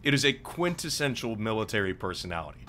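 A young man co-hosting a podcast, talking in a measured, thoughtful way. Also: on the low side, big pitch swings, sharp tone, faint music behind. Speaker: podcast co-host. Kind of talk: casual chat.

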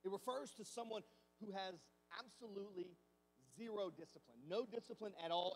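A man's voice: high voice, brisk, long reverb tail. A man preaching a sermon as pastor, talking conversationally and asking the congregation many rhetorical questions. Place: church sanctuary.

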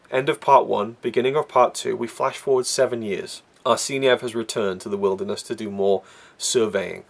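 A man's voice: lowish voice, vocal fry. A man talking earnestly and with feeling as he reviews a film, with frequent restarts and fillers. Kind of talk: casual film review monologue.

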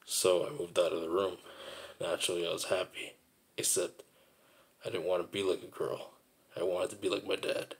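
Man, very low voice, gravelly, rambling and repetitive, reflective personal monologue. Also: level tone, normal speed.

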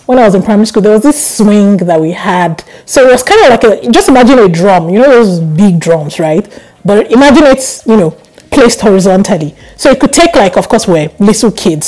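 A young woman vlogger chatting casually to camera, telling stories with animated laughs. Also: mid-range voice, low-quality recording. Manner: animated storytelling, laughs often.

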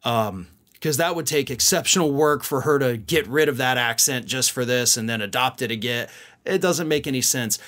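A man's voice: medium pitch, moderate pace, fairly bright tone. A man hosting a political commentary show, talking casually to viewers with musing asides.

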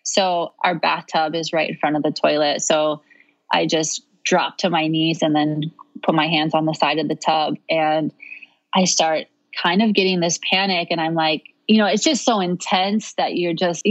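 A woman's voice: low voice, fairly even intonation, moderate pace, muffled recording. A young woman telling a personal story in conversation, earnest and rambling with many fillers. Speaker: podcast guest.

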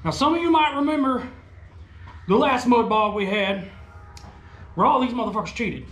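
A man with a high, bouncy voice tells a rambling, crude and folksy comic story as he shows off his RC truck. His voice rings in a roomy, echoey space, and his pitch swings up and down as he talks. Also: animated, moderate pace, fairly bright tone. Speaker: RC hobby video host. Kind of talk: comedic rural character monologue.

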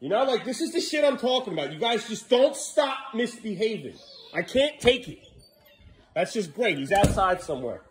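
A man's voice: high-pitched, very animated, normal speed. A man filming his kids at home for a vlog, laughing at them and scolding them in turn. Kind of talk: casual home vlog narration.

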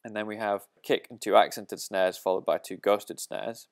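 A man's voice: on the low side, fairly even intonation, normal speed. A man teaching a drum lesson, explaining a pattern step by step and counting the beats aloud.

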